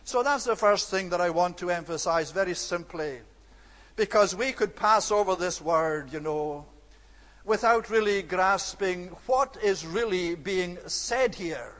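A man preaching an expository sermon, earnest and measured, slowing down to stress key words. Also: high-pitched, expressive, fairly bright tone. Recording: long reverb of a large hall.

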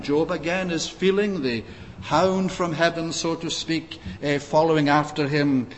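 A man preaching an expository sermon, measured and pausing often with "uh", reading scripture in old-fashioned wording. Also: fairly high pitch, fairly even intonation. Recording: long reverb, faint background noise.

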